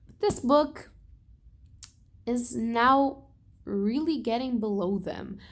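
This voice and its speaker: Animated, swearing young woman book vlogger. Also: a little high, slow. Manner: animated, exasperated, swears and laughs often. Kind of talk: casual reading vlog.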